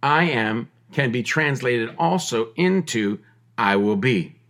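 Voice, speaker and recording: A middle-aged man delivers a podcast sermon in an ordinary mid-range voice. He presses his points with repeated phrases and restarts, then slips into relaxed, joking asides. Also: mid-range voice, takes it slowly. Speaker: podcast preacher.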